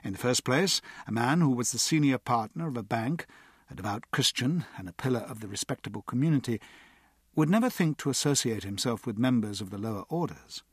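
A man narrating an audiobook with expressive, dramatic storytelling. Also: mid-range voice, fairly quick, slightly rough, dry recording, studio quality.

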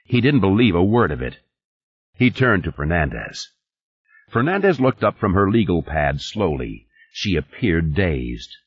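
A man narrating an audiobook in a measured, expressive way. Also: deep voice, slightly rough. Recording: dull lo-fi audio.

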